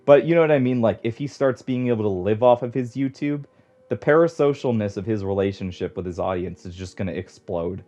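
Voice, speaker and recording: Low-voiced rambling young man, lo-fi. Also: brisk, mellow. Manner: rambling, swears a lot, heavy use of "like". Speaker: podcast guest. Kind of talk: casual podcast chat. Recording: dull lo-fi audio.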